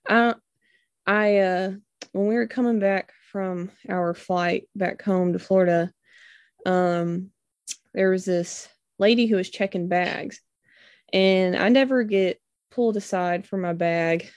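A woman's voice: mid-range voice, darkish tone, dry recording, studio quality. A young woman giving a personal testimony to a church group, rambling with many fillers and acting out quoted lines.

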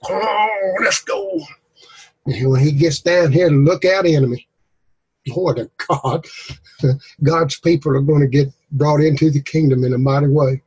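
A man, leading a group discussion and telling folksy, animated Bible stories. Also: medium pitch, husky, low-quality recording. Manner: animated, drawling, acts out stories. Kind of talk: folksy preaching and storytelling.

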